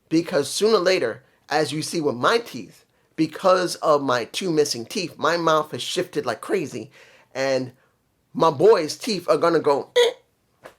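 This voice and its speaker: A man talking through a wrestling episode on his own, casual and opinionated. His voice sits a little high for a man, and he stops to hunt for words and restart his sentences as he goes. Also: a bit bright. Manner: opinionated, thinking aloud with fillers and restarts. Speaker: wrestling show reviewer. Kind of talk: casual solo commentary.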